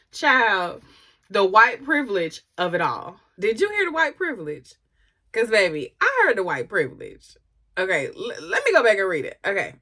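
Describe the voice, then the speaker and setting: A woman doing gossip commentary to her viewers. She is sassy and animated, and keeps stopping to talk back to the texts she reads. Her voice is bright and forceful and swings widely in pitch. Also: moderate pace. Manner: sassy, animated, laughs and comments between readings. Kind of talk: casual commentary, reading texts aloud.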